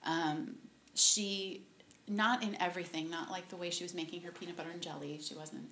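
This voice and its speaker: A woman giving a personal faith testimony to a group, halting and softly emotional, with many pauses and fillers. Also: on the low side, steady tone, slight background noise. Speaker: speaker at a women's ministry talk.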